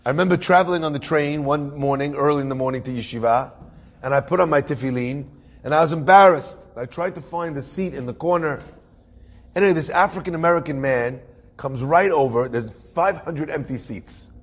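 A man's voice: on the high side, a little fast. A man from the New Jersey area telling an inspirational personal story, full of humorous, self-mocking asides.

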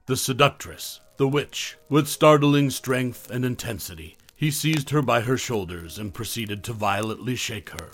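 A man narrates a horror story from a script, measured and dramatic. His voice sits at an ordinary middle pitch. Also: expressive.

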